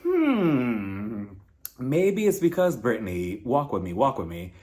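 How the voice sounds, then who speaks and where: Lively, gossipy male recap host. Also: mid-range voice, slow. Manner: animated, gossipy, laughs at own jokes. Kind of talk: casual comedic recap.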